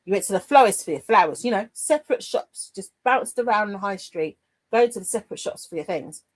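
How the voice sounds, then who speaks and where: At a brisk, animated clip, a medium-pitched middle-aged woman hosts a craft livestream, chatting casually and reading viewers' comments aloud. Her manner is playful, chatty, and warm, with trailing sentences and laughter, all on poor audio.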